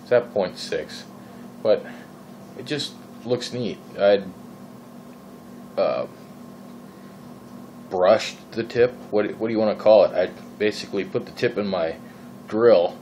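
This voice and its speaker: A man's voice: on the low side, takes it slowly, long pauses, dark tone, a little hiss or hum, low-quality recording. A man from Minnesota with a Minnesotan accent, rambling casually in his vlog, full of fillers and exasperated questions. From Minnesota, USA. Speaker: vlogger. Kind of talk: casual vaping vlog rant.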